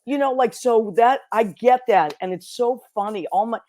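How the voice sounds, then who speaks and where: A woman's voice: a little high, normal speed, mellow. A woman host from Boston, chatting with a guest and telling stories with enthusiasm. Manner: enthusiastic, storytelling. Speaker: podcast host. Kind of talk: casual interview chat.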